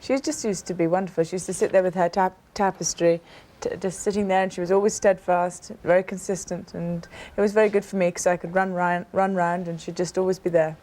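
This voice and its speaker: In a TV interview, a thirtysomething woman from Britain recounts personal stories earnestly, with emphasis and many restarts, in British English. She talks fairly quickly with hardly any pauses, in a warm, fairly low voice that shows little pitch movement.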